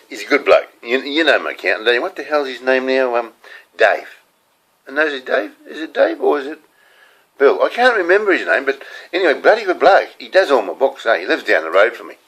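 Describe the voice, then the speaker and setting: A man's voice: on the low side, fairly bright tone, husky, rough recording. An older man with a New Zealand accent, rambling through casual stories to the camera in a chatty, digressive way. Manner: chatty, digressive, laughing at his own stories. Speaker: home video host.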